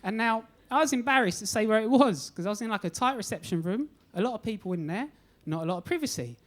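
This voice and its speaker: Fast-talking, with a high and expressive voice, a young comedian works a club stage, poking fun at himself through stories with a cheeky edge and performed-out lines of dialogue.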